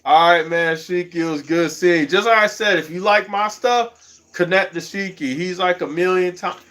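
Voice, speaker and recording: Man, casual livestream chat, rambling, chuckles a lot, a bit high-pitched. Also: normal speed, fairly bright tone.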